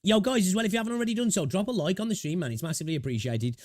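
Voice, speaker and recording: A man's voice: high voice, racing, a little mellow, no echo, studio quality. A young British man hosting a gaming livestream, rambling and chatting with viewers, swearing freely. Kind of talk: casual livestream chat.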